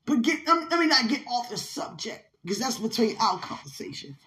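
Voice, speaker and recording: In a spiritual, emotional monologue, a young woman addresses her partner, heartfelt and frequently tearful. Her voice sits on the high side with big swings in pitch, moves briskly, and lurches from loud outbursts to hushed asides.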